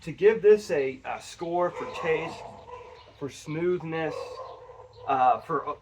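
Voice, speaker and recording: A man's voice: on the high side, expressive, slow, noisy background. A man talking to his viewers in a rambling, chatty whiskey review. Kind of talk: casual review vlog. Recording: voice a bit far from the mic.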